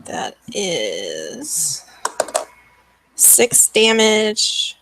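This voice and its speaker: A woman playing a tabletop role-playing game, talking in a casual, unhurried and slightly hesitant way. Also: mid-range voice, huge pitch swings, a bit bright, a little hiss or hum. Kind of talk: casual chat while playing.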